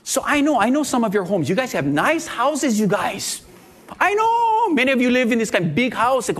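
A middle-aged man, preaching a sermon as a pastor and telling stories with animated, acted-out voices. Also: very high-pitched, moderate pace. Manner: animated storytelling, acting out quoted voices.

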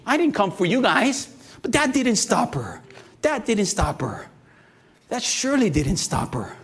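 A man in his fifties preaching a sermon, talking conversationally, joking and asking the congregation questions. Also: a little high. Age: 50s. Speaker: pastor.

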